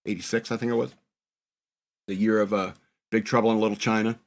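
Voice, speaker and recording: A man's fairly low voice with vocal fry carries this podcast, delivered flatly and fairly quickly. In his forties and from northern New York, he looks back on his youth in a self-deprecating, meandering way, like a casual chat.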